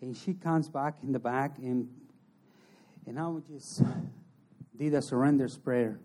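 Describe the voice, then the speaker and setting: Man telling a halting, earnest testimony. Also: medium pitch, warm tone. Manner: halting, earnest, in non-native English; emotional storytelling. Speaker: interview guest. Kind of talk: personal testimony.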